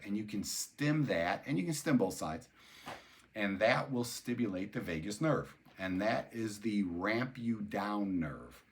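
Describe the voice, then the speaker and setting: Low-voiced older man explaining neuroscience. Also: lively intonation, unhurried. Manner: conversational, repeats words, spells out terms. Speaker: neuroscience educator. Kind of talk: explanatory talk.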